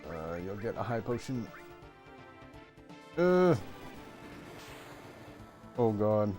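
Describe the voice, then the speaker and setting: A man chatting casually while live-streaming a retro game, relaxed and hesitant. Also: lowish voice, drawn-out words, faint music behind.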